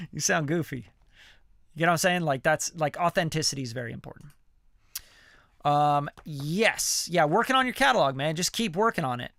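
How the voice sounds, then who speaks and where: Producer guy doing a chill q&a, bright crisp voice, lots of "like", bit higher pitch, dry close mic. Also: lively intonation, normal speed, long pauses, no echo. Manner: loose and chatty, full of fillers and slang, swears casually. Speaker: music producer mentoring viewers. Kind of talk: casual livestream Q&A.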